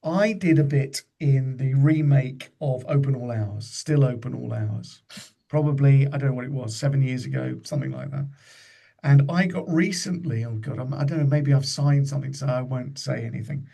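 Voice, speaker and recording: A man's voice: mid-range voice, moderate pace, creaky, warm tone. A man in his fifties, a comedian guest on a podcast, telling chatty anecdotes and slipping into the voices of people he quotes. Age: 50s.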